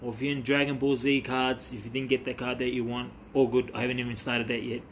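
A man talking casually as a vlogger while opening trading cards, excitable and chatty with quick bursts of delight. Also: mid-range voice, slight background noise. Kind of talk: casual chat.

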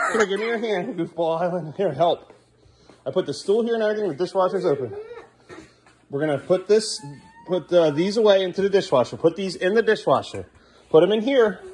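A father filming a home vlog, firmly repeating short commands to his child as he tidies up indoors. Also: high voice. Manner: firm, repetitive commands to a child. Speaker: father and vlogger.

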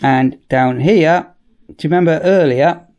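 A man giving a casual, chatty product demonstration in a workshop, often repeating "as I say" and pausing on ums. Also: a little high, darkish tone, lo-fi sound. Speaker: product reviewer.

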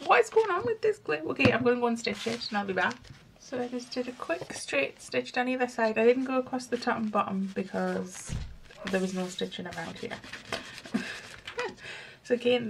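A woman chatting casually through a crafting tutorial, thinking aloud and poking fun at herself as she works. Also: medium pitch. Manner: chatty, self-mocking, thinks aloud while working. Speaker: crafting vlogger. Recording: home recording with clear background noise.

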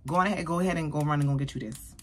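A woman beauty vlogger, likely in her thirties, reviewing a perfume in an animated, chatty way and talking straight to her viewers. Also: deep voice, racing. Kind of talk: casual product review.

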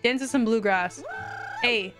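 A woman's voice: a little high, measured pace, music in the background. A young woman live-streaming a video game, chatting and giggling as she reacts to what happens on screen. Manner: excited squeals at wins.

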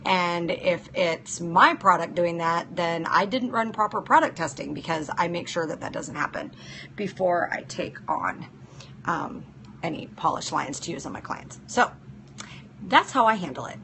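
A woman's voice: on the low side, animated, a little slow, pushed and bright, a little hiss or hum. A woman hosting a casual live-stream chat as a nail technician, practical and chatty, answering viewers by name. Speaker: nail technician and show host.

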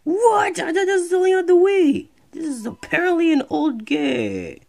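A streamer giving casual let's-play commentary, excitable and rambling, talking back to the game. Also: very high-pitched, normal speed, creaky. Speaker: gameplay streamer.

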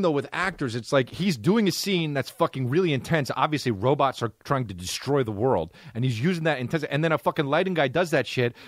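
A man's voice: a little high, no room sound, studio quality. A man hosting a podcast, reacting comedically to a clip, swearing freely and mimicking what he hears. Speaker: podcast host.

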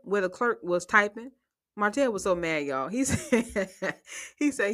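A woman's voice: medium pitch, expressive, unhurried, fairly bright tone. Woman, reality TV reviewer, casual recap commentary, sassy, profane, laughs often.

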